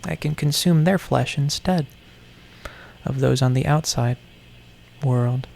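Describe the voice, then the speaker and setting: A man's voice: mid-range voice, takes it slowly, creaky, pauses often, darkish tone. Rambling, playfully menacing man. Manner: playfully menacing, meandering, self-mocking villain talk. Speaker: toy vlogger. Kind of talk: rambling vlog monologue.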